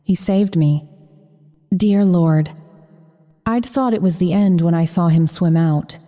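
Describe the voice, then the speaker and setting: Female audiobook narrator, low-pitched, intimate first-person delivery; lingering reverb on the recording. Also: takes it slowly, mellow, faint music behind.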